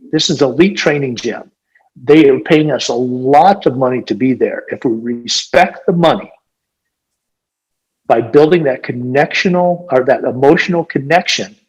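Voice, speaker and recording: Husky guy in his 60s, gym owner, rambly storytelling on a podcast, lots of you knows. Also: medium pitch, unhurried, poor audio. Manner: rambling, animated, lots of "you know" and restarts. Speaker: gym owner and business coach.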